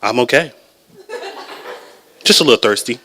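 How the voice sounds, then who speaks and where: A man telling a personal story live at a story slam, chatty and animated, often laughing at his own lines. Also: medium pitch, normal speed, a little hiss or hum.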